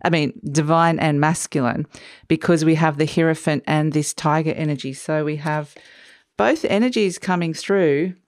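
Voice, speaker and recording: A woman giving a spoken tarot reading, gentle and spiritual, often trailing off and restarting, and a little short of voice today. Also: deep voice, moderate pace, no room sound, clean studio sound. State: losing her voice. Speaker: tarot reader.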